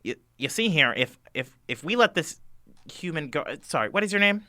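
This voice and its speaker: A man's voice: fairly high pitch, sing-song, fairly quick, bright, forceful tone, dry recording, clean studio sound, voice pushed up, heavily acted. A man voicing a fussy, hesitant male aide who calculates odds, in a tabletop game. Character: nervous male number-cruncher aide, fussy and precise.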